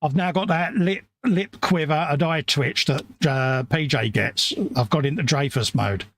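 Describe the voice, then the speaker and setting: A man's voice: on the high side, unhurried, a bit bright, slight background noise. A man from the UK co-hosting a casual live stream, joking and mocking himself. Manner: jokey, self-mocking, acts out quoted voices. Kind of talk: casual chat.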